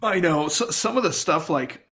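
A man co-hosting a podcast in casual chat, speaking in a halting, stop-start way with fillers. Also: a little high, animated, fairly bright tone. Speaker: podcast co-host.

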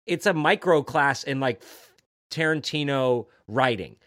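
A man's voice: medium pitch, a little slow, a bit bright, no room sound, clean studio sound. A man co-hosting a podcast, talking casually and enthusiastically about a movie scene, rambling with fillers and swearing freely. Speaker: podcast co-host. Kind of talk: casual film discussion.

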